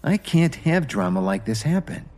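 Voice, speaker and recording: A man voicing a polite young wife who speaks gently and in a hurry. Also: medium pitch, very animated, voice pushed up, lightly acted. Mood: polite, gentle. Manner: gentle, hurried, placating. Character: young wife, polite and busy office worker.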